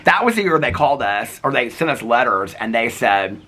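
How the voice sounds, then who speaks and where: A man vlogging, telling neighborhood stories in a rambling, animated way full of fillers. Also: medium pitch, fairly quick. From United States. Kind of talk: casual storytelling.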